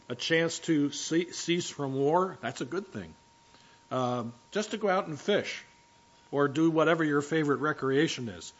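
A man's voice: medium pitch, highs cut off. A man preaching a sermon as pastor, talking conversationally and directly to his congregation in a church.

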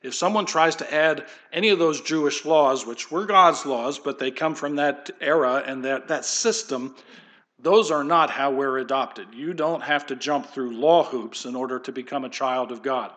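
A pastor preaching a sermon in an easygoing, conversational way, wandering into folksy asides. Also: male voice, mid-range voice, normal speed, fairly bright tone.

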